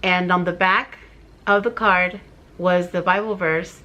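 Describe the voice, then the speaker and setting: A woman's voice: fairly low pitch, fairly even intonation, measured pace, sharp tone. A middle-aged woman vlogger telling a heartfelt personal story to her viewers, tearful and rambling with fillers.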